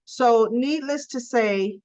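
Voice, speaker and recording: A woman's voice: on the high side, slow, a little mellow. A woman recapping a soap opera episode in a chatty, rambling way full of fillers and asides. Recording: dull lo-fi sound.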